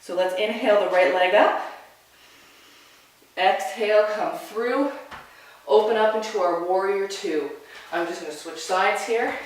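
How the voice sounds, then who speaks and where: A yoga instructor calls out slow, calm, encouraging cues for each pose. The voice sits in a very echoey room and is picked up from some distance away from the mic. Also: mid-range voice. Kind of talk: guided yoga class cues.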